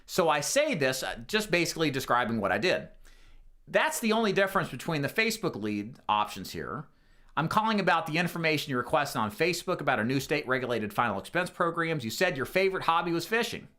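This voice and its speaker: A man coaches agents through a sales script, reading out sample lines and then breaking down why each one works. His pitch moves a lot as he talks. His tone is bright and pushes forward. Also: sing-song, quick pace. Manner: explains a phone script, acting out sample lines. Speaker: insurance sales trainer. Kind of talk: sales training walkthrough.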